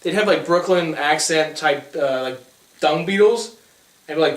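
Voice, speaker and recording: A man's voice: on the high side, normal speed, recorded from a distance. A young man co-hosting a casual gaming chat, rambling and hesitant with many fillers. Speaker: co-host. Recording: echoey room, away from the mic.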